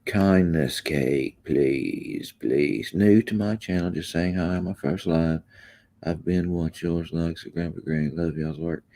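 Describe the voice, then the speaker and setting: Deep, mellow male livestream host, easygoing drawl with lots of ums. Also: a little slow, creaky. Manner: laid-back, drawling, trailing off with ums. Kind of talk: casual livestream chat reading comments.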